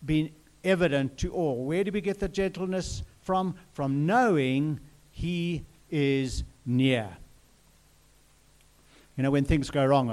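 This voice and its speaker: A man preaching in an earnest, personal way. His voice is warm and mellow, at a middle pitch for a man. He often repeats his phrases and turns to the listeners with questions. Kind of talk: sermon.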